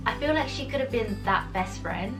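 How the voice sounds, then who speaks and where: A young woman in a casual reading vlog at home, chatting with animated, exasperated energy and laughing between thoughts. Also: on the high side, moderate pace. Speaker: book vlogger. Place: home room in the evening. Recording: voice a bit far from mic with music.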